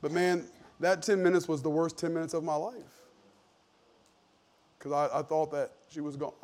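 A man in his thirties preaching a sermon in a church, shifting from loud emphasis to hushed personal storytelling. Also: a little high, flat delivery, moderate pace. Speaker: pastor. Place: church sanctuary.

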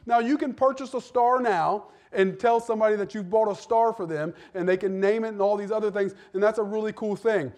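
A man's voice: sits high, a little fast, hardly any pauses, darkish tone. A man preaching a sermon in a conversational way, asking the listeners rhetorical questions and repeating words as he builds each point.

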